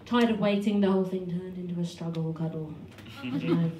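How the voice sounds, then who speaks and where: A pregnant woman in her thirties performing a stand-up comedy set on a small club stage, with a dry, self-deprecating delivery full of quick restarts. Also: lowish voice, crowd noise. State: heavily pregnant. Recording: echoey club room from far off, noisy.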